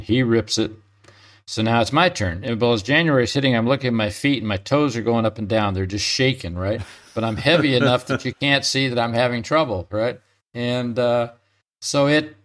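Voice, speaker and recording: A man's voice: mid-range voice, fairly bright tone. An older man, a retired pro golfer, telling stories as an interview guest, chatty, often chuckling and restarting mid-sentence. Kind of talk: relaxed storytelling.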